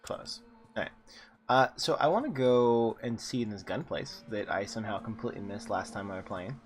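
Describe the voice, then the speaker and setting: A man's voice: fairly low pitch, moderate pace. A man hosting a gameplay video, chatting casually and cracking jokes while reading game text aloud. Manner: chatty, jokey asides, reads game dialogue aloud. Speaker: gaming channel host. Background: faint game music.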